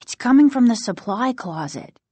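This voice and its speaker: A woman's voice: animated, moderate pace, dark tone, husky, no room sound. A woman doing a jumpy, frightened young boy. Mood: shaky. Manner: cries out in high panicked bursts.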